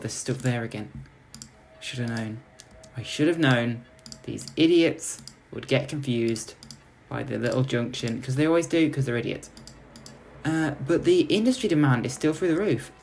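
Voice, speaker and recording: A man's voice: mid-range voice, creaky, a little hiss or hum. A young man giving gameplay commentary as host, sarcastically ranting at his in-game citizens like a petty tyrant. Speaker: let's play host.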